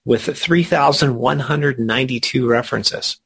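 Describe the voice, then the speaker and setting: Gravelly-voiced male study teacher, earnest, stretches key words, husky tone. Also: mid-range voice, moderate pace, a bit bright.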